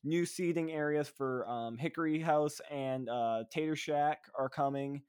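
A man co-hosting a laid-back podcast chats with eager excitement, his voice on the high side, clear and resonant, at a measured pace. He rambles freely in this casual chat, restarting sentences and leaning on "um" and "like".

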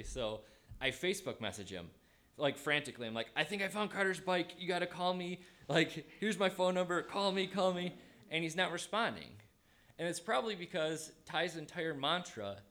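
A man with a medium-pitched voice tells a personal story casually and with animation, acting out his own thoughts along the way.

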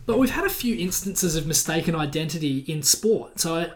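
Animated man, slightly high voice. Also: a little fast. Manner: animated, laughs while telling stories. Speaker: podcast co-host. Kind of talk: casual sports chat.

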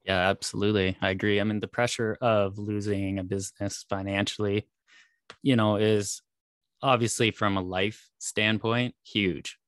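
A man from Canada hosting a podcast interview, measured and asking reflective questions. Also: lowish voice, flat delivery, a bit bright, no room sound, clean studio sound. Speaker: podcast host.

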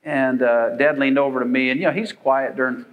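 A man's voice: mid-range voice, steady tone, fairly quick, narrow, tinny audio. An older man preaching a sermon as pastor, folksy and rambling, with frequent fillers.

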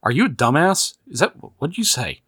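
A man's voice: on the high side, sing-song, fairly quick, a bit bright, breathy edge. A man from the American South co-hosting a podcast, telling stories in an easygoing, playful casual chat. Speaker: podcast co-host.

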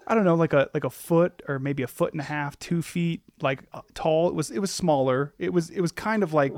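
A man hosting an interview podcast, talking slowly and hesitantly as he searches for words. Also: fairly high pitch, no room sound. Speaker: podcast host.

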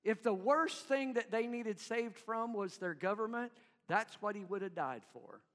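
A man preaching a sermon in an animated way, acting out crowd voices and dropping to quiet low tones. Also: a little slow. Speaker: pastor. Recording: long reverb in a hall.

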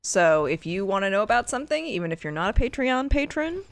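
A woman co-hosting a podcast in casual chat, talking loudly and animatedly and laughing often. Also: medium pitch, very animated, fast. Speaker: podcast co-host.

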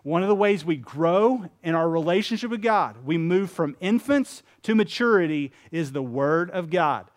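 A man with a high voice preaches a sermon to his congregation. He is earnest and emphatic and slips into stories, voicing the people in them. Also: expressive, normal speed, few pauses. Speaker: pastor.

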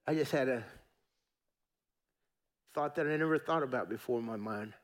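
A man's voice: medium pitch, moderate pace. A middle-aged man preaching a sermon as pastor, folksy and emphatic, repeating phrases and talking to the congregation.

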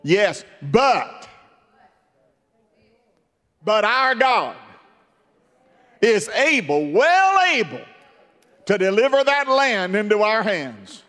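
A man's voice: sits high, fairly bright tone, in a large hall, pitched above the performer's own voice, exaggerated voice. A man preaching voices a confident young warrior urging his people on, speaking with insistent emphasis. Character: bold confident young male warrior, defiant.

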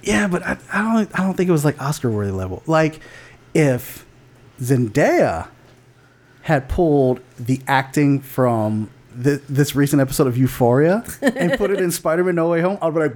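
A man's voice: fairly high pitch, expressive, normal speed, a little mellow. Opinionated man swearing casually. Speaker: podcast co-host. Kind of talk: casual podcast chat.

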